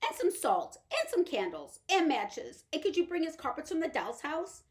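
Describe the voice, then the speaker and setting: A woman voicing a fretful tiny mother figure who wails and pleads in a husky voice. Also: sits high, sing-song, pitched above the performer's own voice. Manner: wailing, pleading, rushing on.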